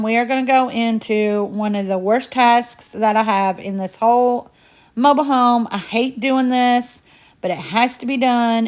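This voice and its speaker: A woman from Indiana with a Southern US twang that slips into a Midwestern accent, chatting casually and rambling as she narrates her cleaning vlog. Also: on the high side. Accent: Southern US twang mixed with Midwestern. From Indiana, USA. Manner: talkative, rambling, folksy. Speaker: home cleaning vlogger.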